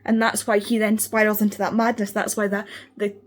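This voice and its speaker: A woman's voice: mid-range voice, level tone, fairly quick. A Scottish woman vlogging in a loose, rambling way, full of fillers and restarts. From Scotland. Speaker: book vlogger. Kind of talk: casual chat.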